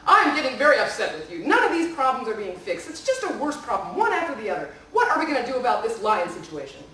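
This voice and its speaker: Cranky storybook king scolding his court, read by a woman, lively pitch, from far off in an echoey room. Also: fast, slight background noise. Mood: exasperated. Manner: scolding, exasperated.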